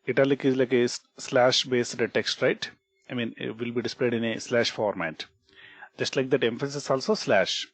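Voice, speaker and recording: A man's voice: medium pitch, no room sound. Indian man explaining code step by step. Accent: Indian English. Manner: explanatory, repeats points, frequent "okay" and "right?", restarts words. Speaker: programming instructor. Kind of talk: screen-recorded coding tutorial.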